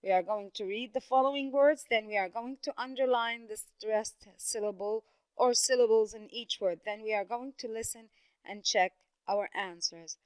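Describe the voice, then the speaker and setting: A woman teaching an English pronunciation lesson, speaking slowly and repeating words with careful stress. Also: fairly high pitch, clean tone, dry recording.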